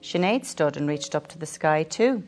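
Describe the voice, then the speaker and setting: A woman reading a picture book aloud to a child, in lively, clear storytelling. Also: low voice, normal speed, soft background music.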